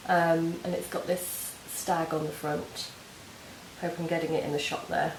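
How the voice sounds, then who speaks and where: A woman talks in a relaxed, gushing way, full of ums and little restarts. Her voice sits slightly low. The camera mic picks up a roomy home room with faint hiss underneath. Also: unhurried. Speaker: knitting podcast host. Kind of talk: casual video podcast chat.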